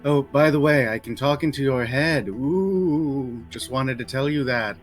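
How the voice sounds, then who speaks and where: A man's voice: mid-range voice, unhurried, soft background music, lightly acted. A man voicing a gossipy female adventurer who talks into other people's minds, with a playful, teasing manner.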